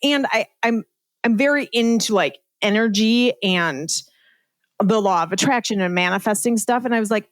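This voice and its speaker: A woman's voice: mid-range voice, normal speed, no room sound. A middle-aged woman telling her story as a podcast guest in a casual, chatty way, full of "like" and "right?" and laughing at herself.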